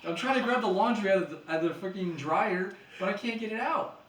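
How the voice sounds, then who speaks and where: Fast-talking young man telling a story. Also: sits high, expressive, a bit bright. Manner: rambling, profane storytelling. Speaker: podcast co-host. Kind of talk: casual chat. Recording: echoey room, mic far off, faint noise.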